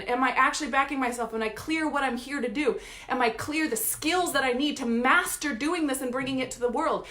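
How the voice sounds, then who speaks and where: Woman coach, brisk and fairly high, blunt and emphatic, echoey room. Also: fairly bright tone. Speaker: life coach. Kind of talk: motivational talk to camera.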